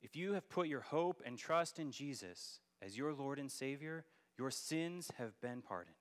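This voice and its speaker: A man's voice: medium pitch, expressive, measured pace. A man preaching a sermon as a church elder, earnest and building to emphatic peaks. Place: church sanctuary.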